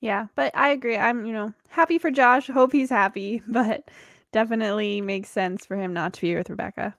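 Female podcast host, higher voice, dry close sound, giggly recapper. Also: moderate pace, gravelly, no echo. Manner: giggly, recaps plot with quoted lines.

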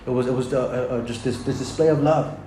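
A man's voice: medium pitch, steady tone, fast, warm tone. A man preaching a sermon in a casual, conversational way, often saying "man" and "right?" and retelling scripture in plain everyday words. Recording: echoey room with faint background noise.

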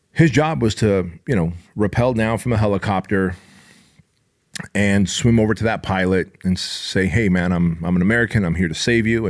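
A man in his forties hosting his own podcast, delivering a blunt, profane motivational monologue with lots of emphasis. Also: fairly low pitch. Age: 40s. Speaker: podcast host.

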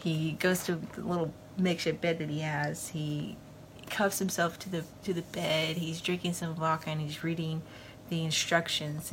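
A woman's voice: low voice, fairly bright tone, slight background noise. A woman hosting a podcast, giving a loose, casual recap of a TV episode with lots of fillers. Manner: rambling, loose, full of fillers like "you know". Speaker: podcast host.

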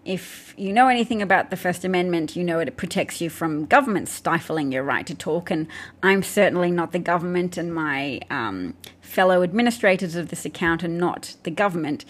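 A woman's voice: fairly low pitch, moderate pace. A woman with an Australian accent hosting a live stream, answering viewer comments in a casual way with many restarts, fillers and dry asides.

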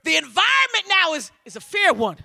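A middle-aged man preaching a sermon in church, shouting and urging the congregation to repeat after him, repeating words in a fervent cadence. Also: very high voice, wildly swooping pitch, brisk, gravelly. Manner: shouting, urging call-and-response.

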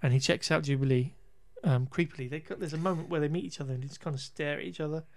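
A man talking through a film plot in casual podcast chat. He rambles, restarts his sentences and laughs a lot. His voice sits a bit high, and the sound is dry and close with no room echo. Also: steady tone, racing, darkish tone. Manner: rambling, self-correcting, laughs often. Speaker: podcast co-host recapping a film.

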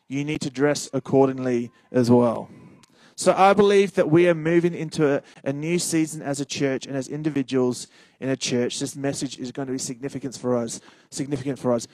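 A young adult man, a senior pastor preaching a sermon in an animated way, repeating key phrases and joking with the congregation. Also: a little high, moderate pace, no room sound, low-quality recording.

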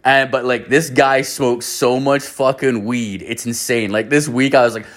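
A man's voice: mid-range voice, steady tone, normal speed, few pauses. A man hosting his podcast, telling stories in a profane, rambling, casual way. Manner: profane, rambling, lots of fillers. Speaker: podcast host. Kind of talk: casual storytelling.

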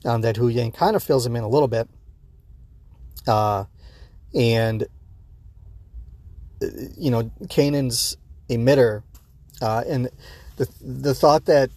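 Man, podcast host, casual reaction talk, middle pitch, rambling with fillers, a little sleepy, dry close recording. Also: darkish tone, no room sound. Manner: rambling, many fillers and restarts. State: sleepy, yawning early in the day. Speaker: podcast host reviewing an episode. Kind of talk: casual unscripted reaction commentary.

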